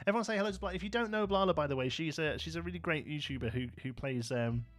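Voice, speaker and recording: Faint music plays behind a livestream host from Birmingham, England, whose Brummie-accented voice is fairly high and very fast. He chats casually through a live gameplay stream, laughing often and responding to viewers' comments.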